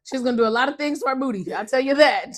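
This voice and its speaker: A woman's voice: high voice, rapid-fire. A young adult woman co-hosting a podcast, chatting casually and telling stories with frequent laughs. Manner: laughs often, animated storytelling, African American vernacular. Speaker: podcast co-host. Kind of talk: casual chat.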